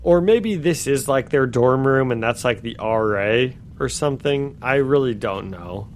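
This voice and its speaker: A man co-hosting a casual comic-book podcast, recapping scenes with animated delivery, acting out the quoted lines and laughing between phrases. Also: medium pitch, a little slow, a little hiss or hum. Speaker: podcast co-host.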